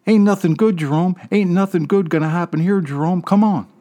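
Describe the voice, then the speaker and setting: A man voicing a little boy of eight or nine in a story reading, high and squeaky, earnestly pleading. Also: fairly quick, warm tone, natural voice.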